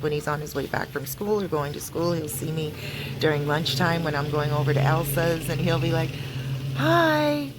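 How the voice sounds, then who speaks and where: A woman's voice: low voice, background noise. A woman from Canada chatting casually in a street vlog, rambling with lots of fillers and restarts. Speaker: vlogger. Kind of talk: casual walking vlog chat. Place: outdoors on a street.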